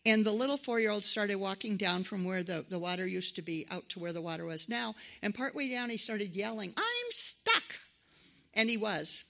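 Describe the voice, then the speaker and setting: A woman's voice: medium pitch, fairly quick, gravelly, few pauses. A middle-aged woman preaching a conversational sermon, telling personal stories and acting out the voices of the people in them. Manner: conversational, animated quoted voices.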